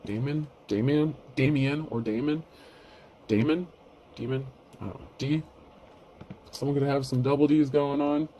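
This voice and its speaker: A man's voice: medium pitch, steady tone, a little slow, long pauses, warm tone, slight background noise. A man giving a casual, rambling tarot reading, blunt and freely swearing. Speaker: tarot reader.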